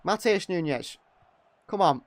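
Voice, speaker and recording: A young man giving partisan live fan commentary on a match, excitable and quick to criticise players. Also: sits high, dry recording. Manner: excitable, exclaiming at big moments, critical of players.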